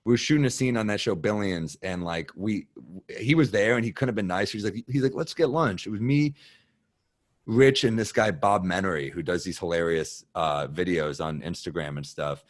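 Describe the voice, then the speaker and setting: A man's voice: sits low, normal speed. A man as a guest on a podcast, chatting casually in a loose, rambling way with plenty of swearing. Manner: rambling, loose and profane, full of "like". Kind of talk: casual chat.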